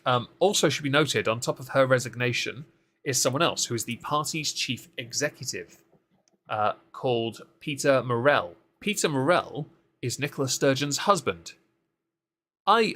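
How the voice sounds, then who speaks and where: A man's voice: medium pitch, sharp tone. Sarcastic man riffing on politics. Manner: sarcastic, mocking asides. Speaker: co-host of a political recap show. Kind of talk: casual live-stream political commentary.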